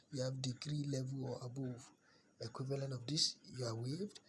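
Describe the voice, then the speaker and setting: A man's voice: medium pitch, a bit bright, slight background noise. A man from Nigeria, walking viewers through a university application on screen. He repeats key words for emphasis and often restarts his phrases. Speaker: scholarship application guide. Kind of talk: screen-share walkthrough.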